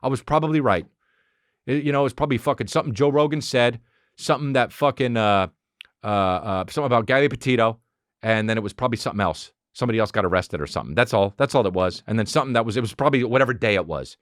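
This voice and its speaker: Speaking fast on a clean studio recording with no room sound, he hosts a solo comedy podcast in his thirties. He rants with free-flowing profanity, animated throughout, riffing into high-pitched voices to mock people.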